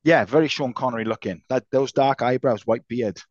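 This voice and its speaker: A man's voice: mid-range voice, a little fast, no room sound. A man co-hosting a podcast, talking casually and teasing his co-host, with the odd swear word. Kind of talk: casual chat. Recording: slightly dull lo-fi sound.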